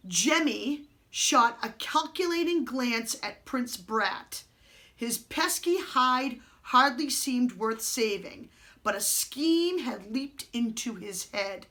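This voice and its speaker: A woman reading a children's novel aloud to a child, slow and expressive, giving the characters their own voices. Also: a little high.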